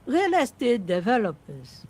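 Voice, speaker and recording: A woman's voice: fairly high pitch, measured pace, a little hiss or hum. An actress voicing an indignant woman who scolds a policeman in a game. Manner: scolding, lively.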